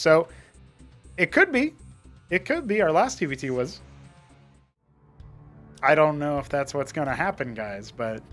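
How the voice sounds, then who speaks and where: A male esports caster with a somewhat high voice, talking through a live match in a chatty, rambling way that turns excitable when fights break out. Soft music runs underneath. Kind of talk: live tournament play-by-play commentary.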